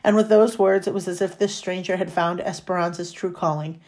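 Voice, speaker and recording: A woman reading a novel chapter aloud in a steady storytelling manner. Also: lowish voice, fairly quick. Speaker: reader.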